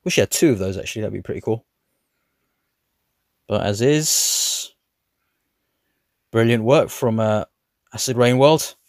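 A man casually reviewing an action figure, talking in a relaxed, rambling way with hesitant fillers. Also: medium pitch, a little slow, long pauses, no echo, clean studio sound. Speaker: toy reviewer.

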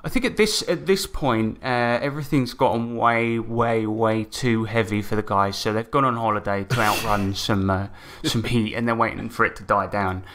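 A man's voice: lowish voice, normal speed, few pauses, fairly bright tone. A man hosting a podcast as game master, casually recapping a tabletop campaign, swearing freely and chuckling as he talks. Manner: laid-back, swears casually, chuckles mid-sentence.

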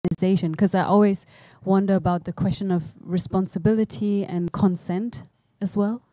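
A woman's voice: medium pitch, steady tone, normal speed, dark tone, no room sound. A woman from the audience asking a thoughtful, slightly hesitant question.

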